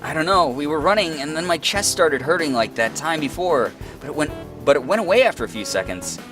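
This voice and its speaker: A shy, mild teenage boy from a visual novel game, as a man reads him. He speaks softly and haltingly, with a pitch that moves in lively ups and downs. Faint game music plays behind. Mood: hesitant. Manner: hesitant, soft-spoken. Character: mild-mannered teenage boy with a weak heart.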